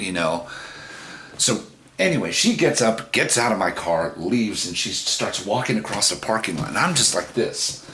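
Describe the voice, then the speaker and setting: Brief: casual male vlogger, animated and crude, bright timbre, acts out quotes. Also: low-pitched, normal speed, a little hiss or hum. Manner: animated, profane, acts out the dialogue. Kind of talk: casual storytelling to camera.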